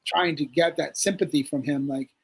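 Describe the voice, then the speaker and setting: A man with a husky, slightly raised voice tells a story loosely on a livestream. He acts out the quotes as he goes and swears freely. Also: fairly high pitch, fairly even intonation, normal speed. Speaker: guest.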